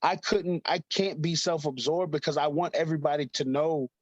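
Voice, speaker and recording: Guy in his 30s rambling on a podcast, bit high voice, lots of likes and laughs, dry muffled sound. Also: fairly even intonation, normal speed, no room sound. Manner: rambling, laughs often, many fillers. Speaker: guest, fighter. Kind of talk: casual interview chat.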